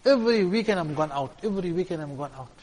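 A man delivers a storytelling sermon in a fairly high voice. He repeats key lines and swings between loud appeals and hushed pleading. The sound carries a long reverb from a hall. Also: animated, quick pace. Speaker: preacher.

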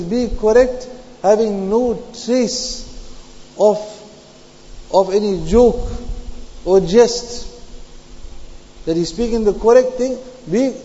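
A man delivers a sermon on Quranic commentary, repeating his key phrases and slipping Arabic terms into his English. His voice sits high yet mellow. The recording is dull and lo-fi, with a long reverb trailing off each line. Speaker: Islamic preacher.

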